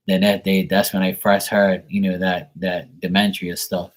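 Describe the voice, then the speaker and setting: A man hosting a casual stream, telling a family story in a rambling, profane, animated way. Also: low voice, normal speed, hardly any pauses. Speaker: tarot reader, show host.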